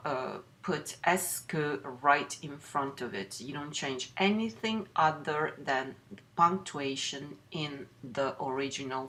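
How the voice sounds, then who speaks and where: A middle-aged woman teaching a recorded French lesson, explaining patiently with many pauses and restarts. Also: low-pitched, a bit bright. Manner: explains slowly with frequent fillers and restarts. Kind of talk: recorded lecture overview.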